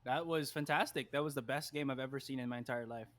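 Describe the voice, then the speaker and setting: A man in his twenties co-casting an esports match, excitable and jokey. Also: medium pitch, fast, dry recording, studio quality. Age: 20s. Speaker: esports co-caster. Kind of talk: casual commentary.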